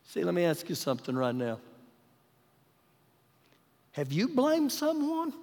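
Male pastor, very high voice, emphatic sermon, rhetorical questions, live church recording, long hall reverb. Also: wildly swooping pitch, unhurried, pauses often, darkish tone. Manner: humorous paraphrasing of scripture. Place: church sanctuary during a live service.

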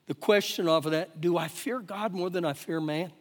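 High-voiced preacher in an echoing church. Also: male voice, moderate pace, hardly any pauses. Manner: emphatic, repeats phrases, swings between loud and hushed. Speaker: pastor. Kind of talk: live sermon. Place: church sanctuary during a service. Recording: long hall reverb, faint guitar.

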